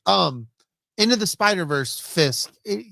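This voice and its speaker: A man's voice: high-pitched, a little slow, vocal fry, dry recording, studio quality. A man co-hosting a podcast, chatting casually and crudely, swearing and acting out quotes. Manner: animated, swearing, acts out quotes. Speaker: podcast co-host.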